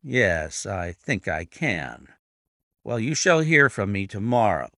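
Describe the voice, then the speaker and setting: A man voicing a calm, clever detective with a measured, composed manner in a read-aloud story. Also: on the low side, no room sound, clean studio sound, exaggerated voice. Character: calm, clever male detective, cool and assured.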